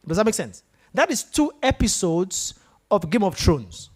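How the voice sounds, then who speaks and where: Animated male speaker addressing students. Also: high-pitched, a little slow. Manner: animated, questions the audience directly. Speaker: guest speaker at a university. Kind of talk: motivational talk to students. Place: lecture room with students.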